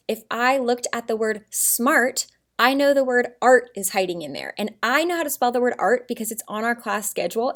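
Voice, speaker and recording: A woman teaching a first grade writing lesson, upbeat and encouraging, calling the children friends and sounding words out slowly syllable by syllable. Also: fairly high pitch.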